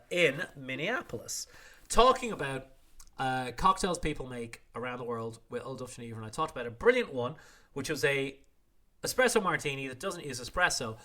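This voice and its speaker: A man's voice: medium pitch, bright, forceful tone. A middle-aged man hosting a podcast news roundup, wry and irreverent, swearing freely and acting out quotes. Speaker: podcast host. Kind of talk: casual news roundup monologue.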